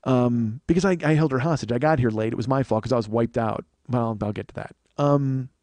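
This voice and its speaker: A man's voice: mid-range voice, brisk, no room sound. Dry, ranting comedian man in his forties. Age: 40s. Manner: animated, ranting, profane. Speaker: comedian podcast host. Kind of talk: comic storytelling monologue.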